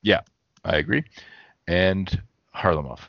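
A man's voice: low-pitched, takes it slowly, no room sound, lo-fi sound. A man co-hosting a podcast in casual chat, thinking aloud and correcting himself as he goes. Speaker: podcast co-host.

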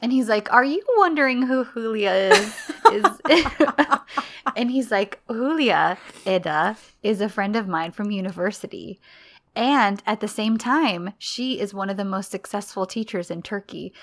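A woman chatting casually as a co-host, retelling scenes with lots of laughter and acting out the lines. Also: measured pace. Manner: animated, laughs often, acts out quoted lines in lower voice. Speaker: podcast co-host recapping a drama series.

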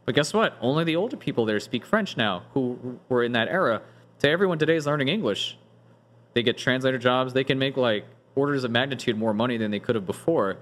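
A podcast host with an ordinary-pitched male voice leads a relaxed discussion among friends. He explains things in long, winding stretches, restarting sentences often and leaning heavily on "like."

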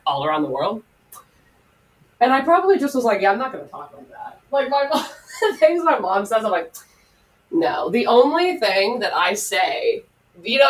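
Female co-host from Florida, middle pitch, chatty, a bit distant from the mic. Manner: chatty, animated storytelling. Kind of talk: casual chat. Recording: voice from farther off the mic.

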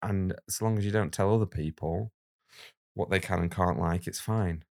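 A man with a deep, low-pitched voice and a gravelly edge to it. He talks bluntly and speaks his mind in relaxed podcast chat, and he grows animated when a subject riles him. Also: normal speed. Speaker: guest illustrator. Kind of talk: casual podcast conversation.

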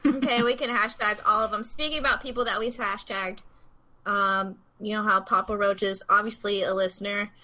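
A woman co-hosting a podcast, chatting in an excitable, talkative way. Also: medium pitch, moderate pace, poor audio. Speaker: podcast co-host. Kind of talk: casual chat.

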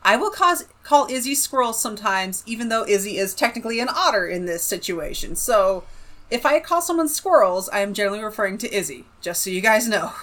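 Bright-voiced chatty woman cohost, says like a lot, playful. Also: medium pitch, big pitch swings, fairly quick. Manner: chatty, lots of "like" fillers, playful. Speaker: podcast co-host. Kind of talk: casual chat.

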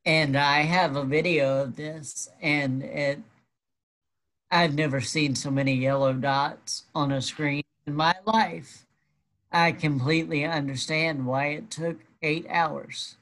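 Slow, wry storyteller. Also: medium pitch, fairly even intonation, fairly bright tone. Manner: unhurried, wry, matter-of-fact. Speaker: guest telling a personal story. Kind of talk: casual storytelling.

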